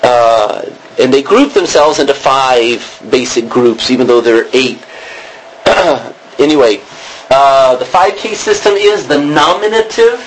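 A man's voice: medium pitch, measured pace, a little hiss or hum, rough recording. Man teaching a Greek class. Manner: explains in a roundabout way, checking in with "okay?". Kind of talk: classroom lecture.

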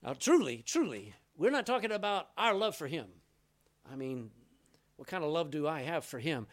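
A man preaching a sermon, swinging between loud and soft, reading scripture aloud. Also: a little high. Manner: reads scripture aloud in old-style wording. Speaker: pastor.

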